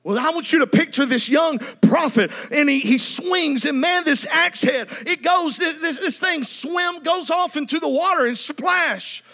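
Man, pastor, very high voice, fervent preaching, repetitive, sung cadence. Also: a little slow, hardly any pauses, sharp tone. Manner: repetitive, impassioned preaching with acted quotes. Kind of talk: sermon.

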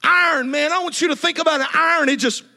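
A man delivers a sermon in a strikingly high voice. He preaches with passion and repetition, sometimes rising into a half-sung, shouted cadence. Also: quick pace. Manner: repetitive, impassioned preaching with acted quotes. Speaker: pastor.

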